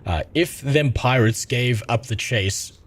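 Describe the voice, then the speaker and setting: A man reading a gruff sailor's lines aloud in a put-on folksy drawl. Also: mid-range voice, slow pace. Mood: storytelling.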